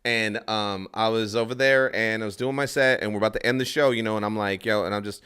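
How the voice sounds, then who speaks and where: A man's voice: lowish voice, fairly even intonation, fast, a bit bright, smooth. A male comedian telling a rambling story in casual podcast chat, acting out other people's lines and swearing freely. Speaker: stand-up comedian guest.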